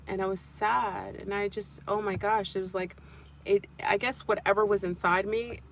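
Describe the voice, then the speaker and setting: A woman's voice: medium pitch, steady tone, moderate pace, gravelly, a little hiss or hum. A woman hosting a casual livestream, telling a spiritual story in a rambling way and repeating and restarting her phrases.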